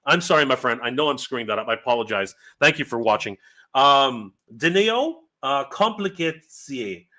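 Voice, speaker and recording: Man, 40s, live reaction host, excitable, rambling, very animated pitch, bright. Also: normal speed. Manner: excited, rambling, stumbles over words. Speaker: YouTube host.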